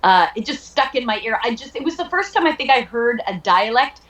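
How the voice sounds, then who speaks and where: A woman's voice: fairly high pitch, lively intonation, fairly quick, fairly bright tone, reverberant, poor audio. A woman from Long Island, an actress guest chatting playfully in an interview and laughing often. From Long Island, New York. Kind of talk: casual interview chat.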